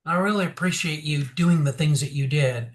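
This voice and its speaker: As an interview guest, a man with a slightly high voice and normal pace talks openly about his personal recovery. He's animated, voicing quotes himself, and his speech is full of fillers and restarts.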